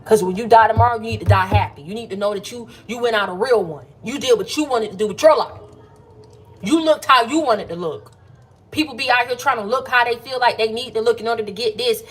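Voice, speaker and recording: A woman's voice: fairly high pitch, breathy edge. A woman hosting a casual late-night livestream pep talk. She sounds playful and chatty and keeps calling her listeners "baby" and "y'all". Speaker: motivational livestream host.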